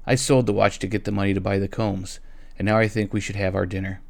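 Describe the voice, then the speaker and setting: A man voicing a quiet young husband in a read-aloud story, speaking slowly and steadily. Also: fairly low pitch, little pitch movement, gravelly, no echo. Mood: gentle. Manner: slow, measured.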